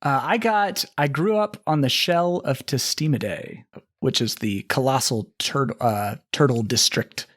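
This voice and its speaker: A man talking about his tabletop game on a podcast in a friendly, relaxed way. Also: medium pitch, measured pace. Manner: friendly, relaxed, mildly dramatic when reading. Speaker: podcast guest and game designer. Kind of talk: casual chat and reading an intro aloud.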